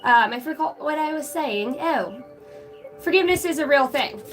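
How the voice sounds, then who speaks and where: A woman's voice: sits high, lively intonation, normal speed, a bit bright, faint music behind. A woman with an American country accent hosting a casual psychic live stream, chatty and profane, greeting viewers in the chat by name.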